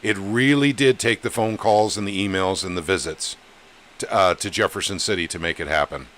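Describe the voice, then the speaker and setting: Bright-voiced, plain-spoken male podcast host. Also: low voice, a little fast, slight background noise. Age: over 35. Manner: plain-spoken, rallying, calls viewers "gang". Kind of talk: casual live-stream chat.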